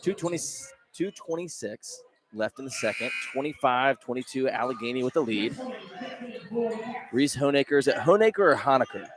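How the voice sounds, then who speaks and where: A man giving casual color commentary at a high school basketball game, chatty and openly rooting for his team. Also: noisy background. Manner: chatty, partisan, quick to react.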